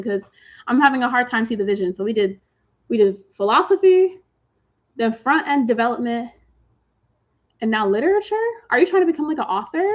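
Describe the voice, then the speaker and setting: A woman from Massachusetts hosting a casual livestream, chatting with viewers in a slangy way, full of "like" fillers and playful teasing. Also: fairly high pitch. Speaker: livestream host answering chat questions. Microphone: computer mic on a video stream.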